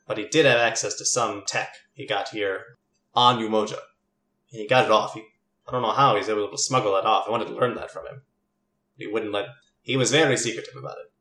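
A man's voice: lowish voice, fairly even intonation, fairly quick, pushed and bright. A sneaky, eager young man who rambles and trips over his own sentences, as a man plays him. The voice sits in a roomy, echoing space. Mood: earnest. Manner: rambling, hesitant, full of restarts. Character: young male cousin, sneaky, eager, chatty. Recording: roomy echo.

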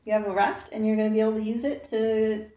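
A woman's voice: on the high side, completely flat delivery, mellow, recorded from a distance. A woman narrating a tabletop game as game master, describing scenes in a chatty, easygoing way. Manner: chatty, descriptive, quick asides. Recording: echoey room.

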